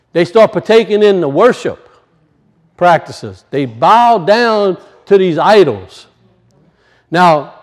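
A male pastor preaching a conversational sermon, acting out little voices and dropping low for asides.

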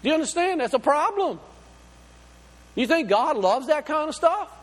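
A man's voice: very high-pitched, very animated, moderate pace, a bit bright, in a large hall. A man preaching a sermon, folksy and full of rhetorical questions. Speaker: pastor.

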